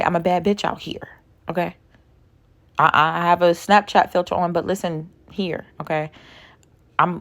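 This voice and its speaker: A woman in her thirties vlogging with a deep, low voice. She lectures bluntly and swears freely in casual reaction commentary. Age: 30s.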